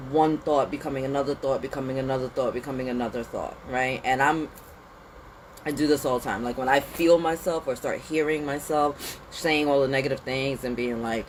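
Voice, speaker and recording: A woman hosting a casual spiritual pep talk outdoors in the cold, animated and slangy, sniffly with a runny nose. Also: low voice, slight background noise, poor audio. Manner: animated, slangy and conversational, with lots of "like" and "you know". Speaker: spiritual reader and channel host.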